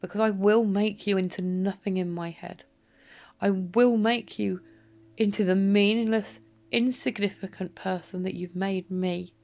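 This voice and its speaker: A woman talks straight to the camera, bitter and confrontational, swearing as she calls out an absent person. Her delivery is slow and deliberate. A gravelly fry runs through her mid-pitched voice. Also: steady tone, a little mellow, faint music behind. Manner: addresses an absent person directly. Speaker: vlogger. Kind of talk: emotional direct-to-camera monologue.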